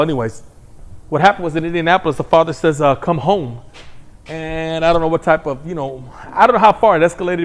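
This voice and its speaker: A man hosting his own commentary show, ranting in a blunt, heated, crude monologue. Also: fairly high pitch. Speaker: commentary host.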